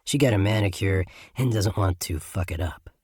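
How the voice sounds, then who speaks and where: A man reading a first-person audiobook in an even, sardonic storytelling manner. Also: low voice, moderate pace, slightly rough, no echo. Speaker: audiobook narrator.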